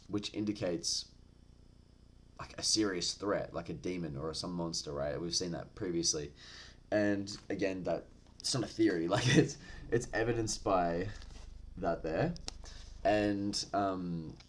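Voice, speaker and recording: A man talks through a comic chapter in a loose, rambling way, tossing in slang and profanity between filler words. His voice sits on the lower side. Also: a little hiss or hum. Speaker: manga reviewer. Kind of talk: casual chat.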